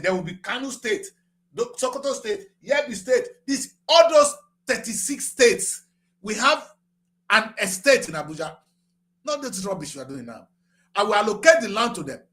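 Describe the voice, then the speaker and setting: A middle-aged man with a Nigerian accent giving passionate political commentary, repeating himself and rising to shouts. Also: fairly high pitch. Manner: fiery, repetitive, rising to shouts. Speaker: current affairs show host.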